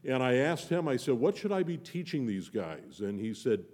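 A man's voice: medium pitch, very animated, moderate pace, a little mellow. A man giving a sermon as a visiting preacher, in a folksy, joking, conversational way. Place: church. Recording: long church reverb.

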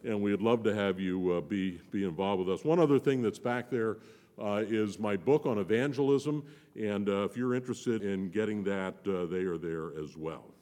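A man's voice: on the low side, moderate pace, mellow. A man giving a sermon as a visiting preacher, in a folksy, joking, conversational way. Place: church. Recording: long church reverb.

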